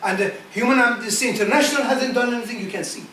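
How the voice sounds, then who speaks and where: A high-voiced man gives an impassioned speech to a gathering of scholars in broken, non-native English. He keeps repeating phrases and firing rhetorical questions, and breaks into rapid Quranic verses in Arabic. He sounds distant, with the roomy echo of a meeting hall. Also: sharp tone, a little hiss or hum. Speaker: speaker addressing a gathering of Islamic scholars. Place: meeting hall at a community centre. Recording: echoey hall, voice from far off.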